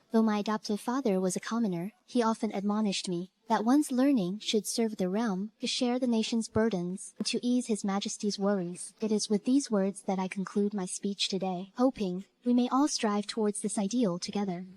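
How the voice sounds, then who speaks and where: A woman plays a composed young woman scholar with a measured, dignified delivery. Her voice sits at a middle pitch and stays calm and controlled, in a dubbed period drama. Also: no echo, close to an everyday voice. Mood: formal. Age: young adult.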